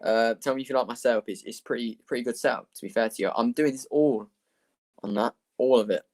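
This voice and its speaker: A young man hosts a casual football watchalong stream. He talks in an easygoing, rambling way, thanking viewers and calling the play as it happens. His voice sits in an ordinary middle pitch. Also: quick pace, darkish tone. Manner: chatty, rambling, laughs often. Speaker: livestream host.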